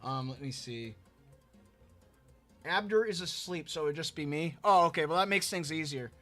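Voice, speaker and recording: A man's voice: on the high side, moderate pace, pushed and bright. A man hosting a casual drawing live stream, rambling and repeating words as he reads chat aloud. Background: faint background music.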